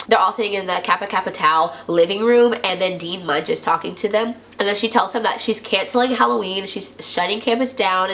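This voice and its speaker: Woman, casual TV recap, bright, chatty, filler-heavy, faint background noise. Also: medium pitch. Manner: chatty, heavy use of "like", acts out quotes in lively voices. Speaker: YouTuber recapping a TV episode.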